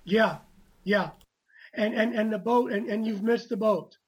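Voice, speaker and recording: Husky, earnest woman author. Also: mid-range voice, unhurried, rough recording. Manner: earnest, repetitive stammering starts. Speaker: author guest. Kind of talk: conversational interview.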